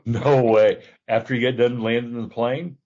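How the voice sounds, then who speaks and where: A man's voice: mid-range voice, steady tone, moderate pace, darkish tone, dull audio. A man hosting a podcast, chatting casually and laughing often, trailing off with fillers. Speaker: podcast host.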